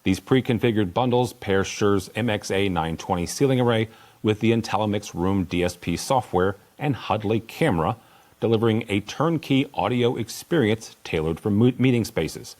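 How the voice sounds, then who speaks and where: A man hosting a trade news podcast, reading the week's stories in a measured, even delivery. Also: fairly low pitch. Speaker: podcast host.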